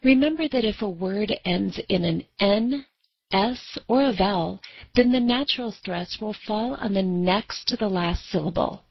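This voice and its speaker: A woman reads a scripted language lesson, setting out each rule clearly and at a measured pace. Her voice has a gravelly, husky edge. The recording is dry and a little dull. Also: medium pitch, no room sound. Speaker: language teacher. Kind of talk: scripted instructional narration.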